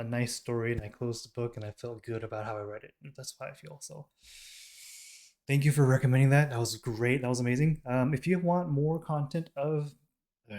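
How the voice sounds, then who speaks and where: A man's voice: medium pitch, darkish tone. A man from the United States, hosting a reaction channel, talking casually to camera with many ums and restarts. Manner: rambling, with many ums and self-corrections. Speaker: K-pop reaction channel host.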